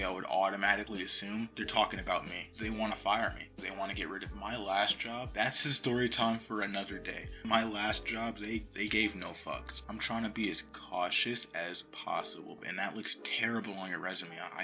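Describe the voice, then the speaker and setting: A young man casually telling a profane story about his job, recorded on his phone, with lively swings into murmurs and whispers. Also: lowish voice. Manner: profane, animated retelling that drops to murmurs and whispers.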